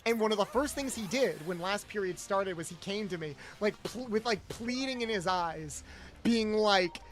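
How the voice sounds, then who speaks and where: A man's voice: high-pitched, animated, normal speed. A young man, a streamer host, chatting casually and acting out the people he quotes in his stories. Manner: rambling storyteller, acts out quotes. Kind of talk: casual chat while gaming.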